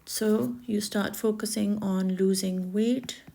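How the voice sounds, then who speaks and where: A woman talking reflectively and gently as she draws, sometimes dropping to a soft whisper. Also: medium pitch, fairly even intonation, slow, vocal fry. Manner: gentle, reflective, slips into soft whispers and quoted nagging voices. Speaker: art healer and spiritual speaker. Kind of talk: reflective spoken monologue while drawing.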